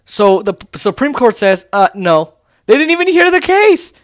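A man giving casual political commentary in an animated, emphatic way, repeating words for emphasis and adding mocking, sarcastic asides. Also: sits high, moderate pace.

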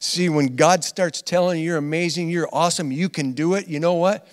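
High-voiced pastor preaching in a reverberant hall. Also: male voice, steady tone, fairly quick. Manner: conversational and earnest, with laughs and repeated phrases; swings from loud emphatic lines to quiet asides. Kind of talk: sermon. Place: church hall.

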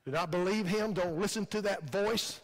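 A high-pitched male pastor with a Midwestern American accent preaches at normal speed in a fervent, repetitive cadence. He's recorded in a church sanctuary with long hall reverb.

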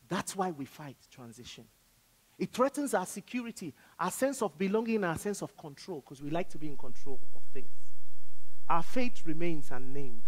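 A woman pastor from Africa preaching a sermon, with dramatic swings between loud declarations and hushed asides. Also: deep voice. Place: church. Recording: reverberant church hall.

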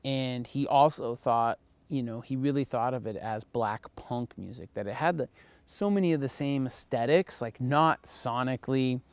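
A man's voice: mid-range voice, normal speed, no echo. Casual swearing male lecturer. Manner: loose, profane, filler-heavy delivery. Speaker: college lecturer.

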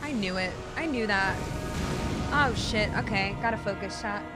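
A young woman streaming a video game, chatting with her viewers, swearing and yelling at the game, then apologizing and teasing herself. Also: mid-range voice, normal speed, over loud music. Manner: self-mocking, teasing chat. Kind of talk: casual live gameplay commentary to chat.

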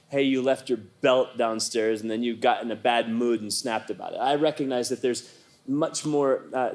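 A middle-aged man preaching a sermon as a pastor, telling a story in a conversational way and leading the congregation in repeated declarations. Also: mid-range voice.

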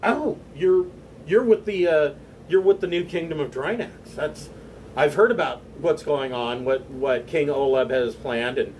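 A man voicing a gracious, earnest noblewoman in a tabletop game, speaking haltingly with many fillers. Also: on the high side, darkish tone, recorded from a distance, slight background noise, natural voice, low-quality recording. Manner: hesitant, halting speech with fillers.

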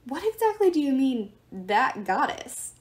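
A woman voicing a clever teenage girl, firm and measured, in a read-aloud story. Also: high-pitched, sing-song. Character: clever teenage girl, diplomatic but tense.

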